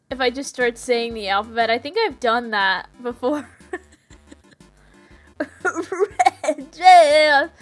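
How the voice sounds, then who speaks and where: A woman's voice: high voice, fairly bright tone. A woman streamer chatting casually with her viewers, silly and laughing a lot. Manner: giggly, silly, laughs often. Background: faint music.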